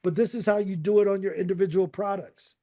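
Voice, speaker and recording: A high-voiced man leads a casual online coaching call with lots of energy. He repeats points and keeps checking in with his listeners. He sounds like he is on a video call. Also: fast. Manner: energetic, repetitive, fond of rhetorical "right?".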